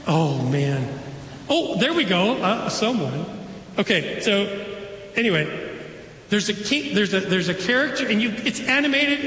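A pastor preaching a sermon, conversational, with playful asides to the congregation. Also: male voice, sits high, a bit bright, slight background noise. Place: church sanctuary. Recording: echoey sanctuary, long reverb.

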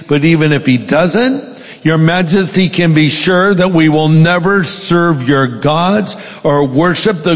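Man, pastor, sermon, dramatic scripture reading, long hall reverb. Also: fairly high pitch. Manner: reads scripture aloud with dramatic emphasis.

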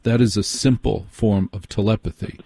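A man hosting a late-night call-in radio show, speaking in a measured, reassuring way and addressing callers by name. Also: lowish voice, steady tone, dark tone, slightly rough, dry recording.

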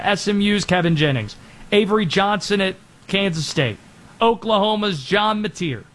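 A man hosting a sports talk show, running through quick energetic opinions and reading an ad spot. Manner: quick energetic delivery with lively pitch swings.

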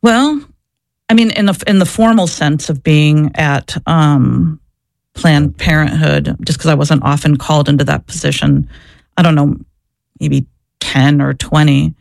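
In a dry recording, a woman speaks slowly in a low, creaky voice with a darkish tone. She's a former abortion clinic worker guesting on an interview, recounting her own stories frankly and thoughtfully, with plenty of repeated words and restarted sentences.

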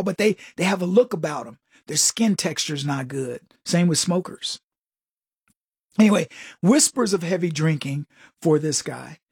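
A man's voice: sits high, a little mellow, breathy edge, dry recording, studio quality. A man delivering a sarcastic, folksy political commentary monologue full of joking asides.

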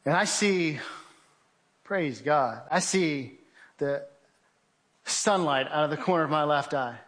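A middle-aged man giving a dramatic spoken testimony, telling his story vividly and acting out his own shouts. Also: fairly high pitch, takes it slowly. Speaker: speaker giving a testimony presentation.

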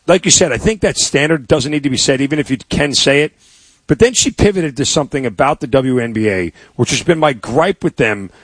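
A man's voice: medium pitch, fairly bright tone, breathy edge, dry recording. A man co-hosting a sports radio show, telling stories casually and checking for agreement as he goes. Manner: storytelling, asks for agreement with "right?". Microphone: studio microphone.

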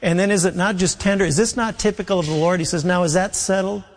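A man's voice: high voice, fast talker, big-room sound, poor audio. A man preaching a sermon in an earnest, urgent way, often speaking the lines of Jesus and Peter in the first person. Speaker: pastor.

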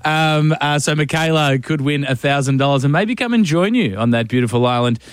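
A man's voice: a little high, clear, resonant tone, no room sound. A man hosting a radio quiz, teasing his co-host and filling gaps with ums. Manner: teasing, quick, lots of ums.

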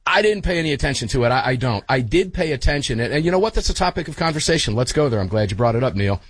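A middle-aged man hosting a live talk radio show from his studio, energetic and folksy, calling guests brother. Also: medium pitch, quick pace, hardly any pauses, slight background noise.

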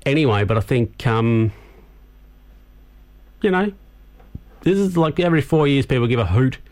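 A man's voice: mid-range voice, expressive, normal speed, a little mellow. A man hosting a radio show, chatting loosely between songs, tired and yawning, with plenty of ums and you-knows. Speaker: radio host. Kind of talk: casual chat between songs.

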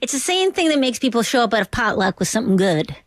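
A woman's voice: a little high, very animated, fast, no echo. A middle-aged woman from Duluth, a comedian chatting in an interview in a playful way that slips into little impressions and whispers. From Duluth, Minnesota. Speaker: comedian guest. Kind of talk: casual interview chat.

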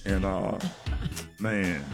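A man's voice: deep voice, extremely slow, over music. A man hosting a morning radio show, teasing and joking in casual banter. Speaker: radio host.

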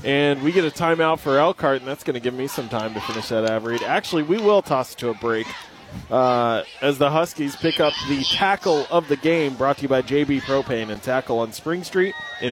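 A man calling a high school football game live, lively and joking, reading sponsor spots between plays. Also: a little fast. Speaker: play-by-play announcer.

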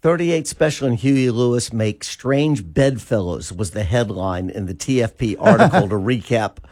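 A man's voice: normal speed, dry recording, clean studio sound. A middle-aged man co-hosting morning talk radio, chatty and reminiscing. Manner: chatty, reminiscing, animated pitch swings. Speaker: radio show co-host. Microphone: studio mic.

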